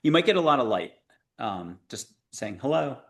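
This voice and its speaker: A man hosts a spiritual talk show, leading guests and listeners through breathing and visualizations. He is playful and coaxing, slipping in dad jokes between calm guidance. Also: mid-range voice, moderate pace. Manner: playful, jokey, coaxing guide. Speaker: show host. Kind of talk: guided meditation talk show.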